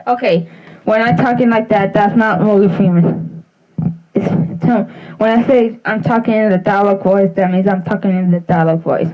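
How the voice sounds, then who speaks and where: A woman's voice: medium pitch, normal speed. A woman vlogger talking in a rambling, playful casual chat, on a dull lo-fi home recording.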